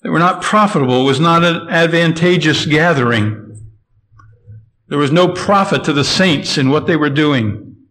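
A man preaching an expository sermon, measured and emphatic, slowing down to stress key phrases. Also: on the high side, fairly bright tone, low-quality recording.

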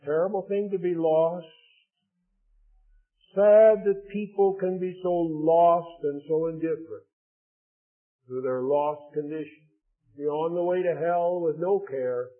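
A man preaching a sermon in a solemn, measured way, reading scripture aloud between his own remarks. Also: fairly high pitch, steady tone. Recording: tinny phone-like lo-fi recording.

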